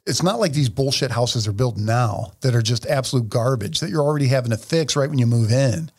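A man's voice: mid-range voice, brisk. A middle-aged man in casual podcast chat, swearing freely and laughing often. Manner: profane, animated, laughs often. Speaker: podcast co-host.

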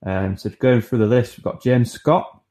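A man's voice: medium pitch, steady tone, normal speed, dark tone. A man co-hosting a podcast, going through listeners' suggestions with hesitant fillers. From not from Newcastle. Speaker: podcast co-host. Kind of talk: casual chat.

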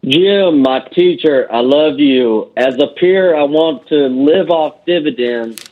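A man's voice: a little high, slow. A man calling in to a finance show, eager and admiring as he lists his stocks. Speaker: caller. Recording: tinny phone line.

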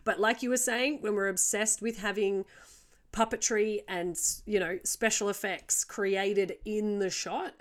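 A woman's voice: mid-range voice, steady tone, a little slow. Chatty, enthusiastic woman podcast host. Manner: enthusiastic, chatty, fond of "you know" and "like". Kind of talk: casual chat.

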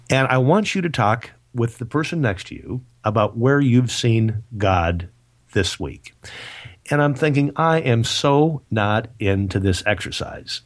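A man telling a personal story on a podcast, halting and repeating himself, with self-deprecating humor. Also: mid-range voice, animated. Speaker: author and speaker, regular guest. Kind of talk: casual storytelling.

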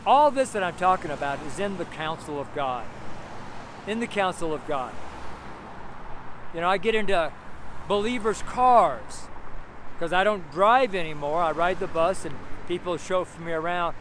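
High-voiced man preaching on a noisy street. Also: animated, moderate pace, fairly bright tone. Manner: rambling, earnest exhortation with repeated phrases. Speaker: street minister. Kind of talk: street sermon. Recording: noisy outdoor street recording with cars. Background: passing cars and urban street noise.

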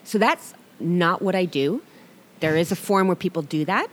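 A middle-aged woman, a guest artist, telling her story in a relaxed interview, animated and acting out quotes. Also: fairly low pitch, moderate pace.

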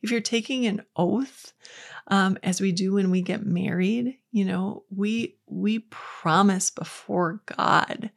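A woman's voice: mid-range voice, slow, gravelly. A woman hosting a faith podcast, giving an earnest, conversational Bible teaching with quotes acted out. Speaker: podcast host.

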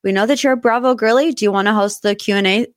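Woman in her 30s, US pop-culture podcast host, expressive pitch jumps, dry close mic. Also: fast, dry recording. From United States. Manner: chatty and emotional, voice jumping high when excited. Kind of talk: casual solo podcast chat.

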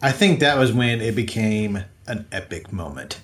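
Lively-pitched man in an echoey room. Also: normal speed. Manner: hesitant, restarts often. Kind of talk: casual chat.

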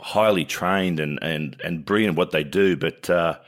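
A man's voice: sits low, normal speed. A man with an Australian accent co-hosting a sports podcast, talking bluntly in casual chat and laughing through his stories. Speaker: sports podcast co-host, former cricketer.

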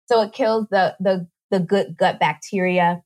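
A woman guest on a podcast, explaining nutrition in a casual, animated way and acting out little voices as she goes. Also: lowish voice. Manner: animated, acts out voices in quick asides.

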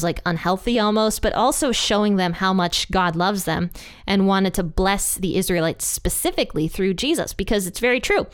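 A woman with a smooth, clear voice reads scripture at a medium pitch and then talks it through plainly. Her delivery is earnest and conversational, like a Bible teacher speaking straight to her listeners. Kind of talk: scripture reading and commentary.

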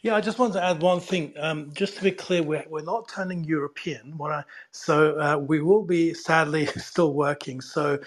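A man's voice: on the high side, steady tone, normal speed, few pauses. A man co-hosting a live podcast, chatting casually with dry, joking asides. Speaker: podcast co-host.

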